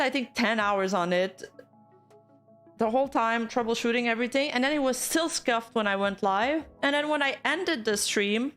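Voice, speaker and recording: A woman's voice: on the high side, fairly bright tone. A young woman who is losing her voice, hosting a live stream in casual chat, bubbly and laughing often. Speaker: streamer host.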